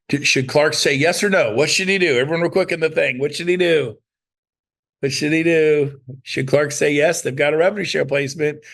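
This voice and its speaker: Gravelly, animated man coaching a group. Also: on the high side, fairly quick. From Sacramento area, US. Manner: animated, acts out quoted voices, asks the chat questions. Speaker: real estate coach. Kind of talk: motivational training talk to online group.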